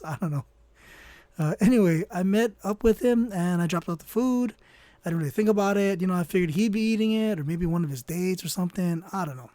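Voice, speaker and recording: A man's voice: sits high, dark tone, no echo. A man telling a casual comedic story while he draws, rambling and offhand, often trailing off with "I don't know.". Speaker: storyteller and artist.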